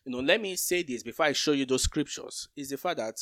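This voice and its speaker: A man's voice: medium pitch, fast talker, fairly bright tone, no echo, clean studio sound. A man co-hosting a Bible teaching talk, explaining scripture with everyday comparisons.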